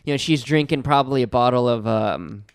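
A man's voice: medium pitch, a little fast, clear, resonant tone, dry recording, studio quality. A man hosting a college radio show, chatting eagerly about bands in a rambling way with many restarts. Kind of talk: casual chat. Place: radio studio.

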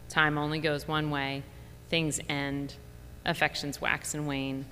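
A woman's voice: little pitch movement, normal speed, sharp tone. A woman narrating a memoir in a wry, reflective tone. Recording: long reverb, faint rumble.

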